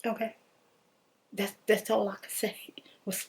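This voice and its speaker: A woman casually telling a personal story in an animated, slangy way, laughing often. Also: mid-range voice, moderate pace, pauses often, husky.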